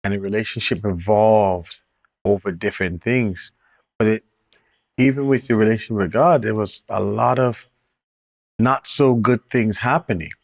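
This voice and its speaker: A man hosting a faith-based interview, affirming his guest and asking gently probing questions. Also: fairly low pitch, moderate pace, creaky, no room sound.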